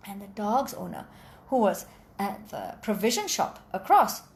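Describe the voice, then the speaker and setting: Expressive woman storyteller, high lively voice, playful sound effects. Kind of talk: oral storytelling.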